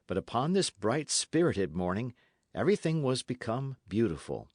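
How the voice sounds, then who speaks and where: A man narrating a classic novel as an audiobook, with a measured, expressive reading. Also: mid-range voice, no echo, studio quality.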